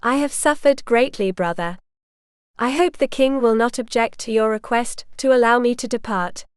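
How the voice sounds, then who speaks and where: A woman's voice: a little high, normal speed, clear, resonant tone, no room sound, clean studio sound, lightly acted. A woman voicing a young noblewoman who speaks in a resolute, guarded way, in a storybook reading.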